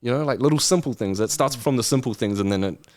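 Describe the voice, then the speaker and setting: A man's voice: medium pitch, fast, darkish tone. A man in his twenties, a podcast guest, talking earnestly and motivationally in casual chat and acting out lazy excuses in funny voices. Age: 20s.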